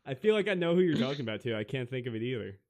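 A man's voice: medium pitch, big pitch swings, rapid-fire, darkish tone. A man hosting a casual sports podcast, laid-back and joking as he wraps up the show. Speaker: podcast host.

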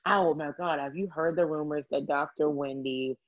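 A low-voiced woman from Maryland dishes gossip on a podcast, laughing often. Her voice is husky and breathy. The recording sounds dry and dull, like lo-fi audio. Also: steady tone, normal speed. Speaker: podcast host. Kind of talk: casual chat.

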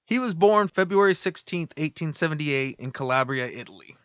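A man's voice: a little high, animated, a little fast, fairly bright tone, clean tone, no echo, highs cut off. A man co-hosting a podcast, casually telling a history story with swearing and laughs. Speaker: podcast co-host. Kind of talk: casual chat.

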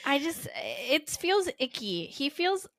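A woman's voice: high voice, very animated, slow, fairly bright tone, no echo, clean studio sound. Blunt, joking woman podcast host. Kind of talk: casual chat.

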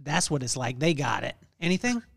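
A man's voice: a little high, big pitch swings, a little fast, gravelly, a bit bright. A man hosting a podcast, asking questions in a conversational, emphatic way. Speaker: podcast host. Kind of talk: casual interview questions.

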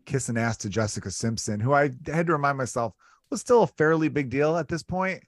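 A man's voice: mid-range voice, lively intonation, a little fast, no echo, clean studio sound. A male comedian guest in casual podcast chat, rambling and jokey, acting out quotes.

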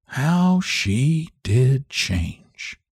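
A man's voice: medium pitch, big pitch swings, extremely slow, creaky, a little mellow, husky, no echo, studio quality, voice pushed up, heavily acted. A man voicing a plain-spoken rural farm wife with homespun, folksy speech, his voice raised well above his own. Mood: wistful.

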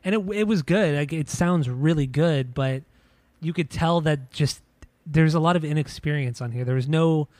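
A man's voice: on the high side, normal speed, few pauses, a little mellow, dry recording. A man co-hosting a podcast, talking casually about music in a rambling way with many restarts. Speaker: podcast co-host. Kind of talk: casual chat.

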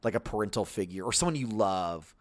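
A young man co-hosting a podcast in casual chat, rambling and animated, with lots of filler words. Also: lowish voice, a little fast. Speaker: podcast co-host.

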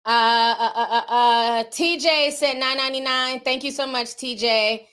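A woman's voice: high-pitched, steady tone, unhurried, fairly bright tone. A woman livestreamer reading out viewer donations in a casual, candid and outspoken way.

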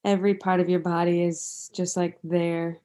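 A woman's voice: on the low side, flat delivery, moderate pace, warm tone. A young woman co-hosting a casual chat podcast, vehement and profane, repeating herself for emphasis. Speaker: podcast co-host.

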